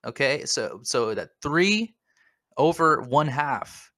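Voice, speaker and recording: A man's voice: a little high, sing-song, slow pace, sharp tone, dry recording, clean studio sound. A man co-hosting a comedic podcast, rambling in a mock-earnest way and repeating his words. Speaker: podcast co-host.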